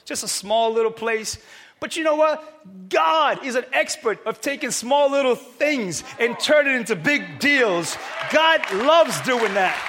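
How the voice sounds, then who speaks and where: Preacher man, high bright voice, fiery sermon delivery, faint church crowd behind. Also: measured pace. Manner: energetic preaching, rising to shouts. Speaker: pastor. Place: church hall with congregation.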